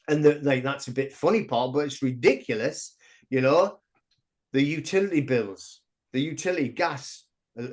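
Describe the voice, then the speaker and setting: A middle-aged man, a podcast guest telling stories in a rambling, excitable way full of restarts. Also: on the high side. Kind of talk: casual interview chat.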